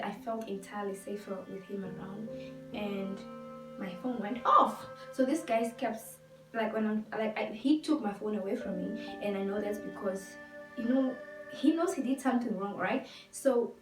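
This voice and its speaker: A young woman vlogger telling a personal story to camera, emphatic and heated, acting out the dialogue. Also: mid-range voice. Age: young adult. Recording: roomy, distant mic with guitar music behind.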